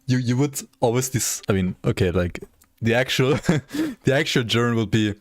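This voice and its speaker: A man's voice: mid-range voice, lively intonation, moderate pace, no room sound, clean studio sound. A young man chatting casually on a gaming livestream, rambling, swearing freely and laughing often. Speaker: gaming streamer.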